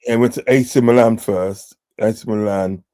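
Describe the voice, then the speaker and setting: This is a man in casual football chat, rambling and full of fillers, with a low, dark, mellow voice. The sound is dry and close, with no room around it. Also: steady tone, normal speed, no echo. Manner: rambling, many fillers and restarts, swears. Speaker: podcast host.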